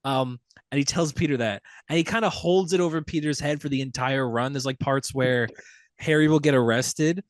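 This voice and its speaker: At a moderate pace and mid-range pitch, a young man hosts a podcast with no room sound. He chats casually and animatedly, telling stories and cursing freely.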